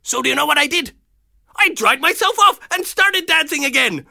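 Jolly friendly pirate captain, kids' show, pirate accent, very bright tone, gravelly edge. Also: high-pitched, expressive, moderate pace, heavily acted. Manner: boisterous, hearty, laughs often. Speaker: children's show character. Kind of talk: children's TV storytelling.

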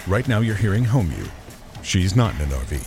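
A man with a very low voice reads a playful insurance commercial, and his pitch rises and falls a lot. Music plays clearly underneath. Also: big pitch swings, brisk. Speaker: ad announcer. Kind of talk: scripted commercial voice-over.

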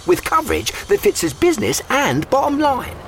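A man's voice: very high-pitched, wildly swooping pitch, moderate pace, gravelly, a bit bright, full character voice. An actor playing a cheerful, chatty male gecko mascot in an insurance ad. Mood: pitching. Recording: ad with engine noise behind.

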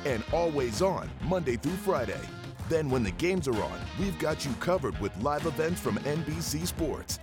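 A man reading a punchy, energetic sports radio promo. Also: a little high. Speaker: announcer.

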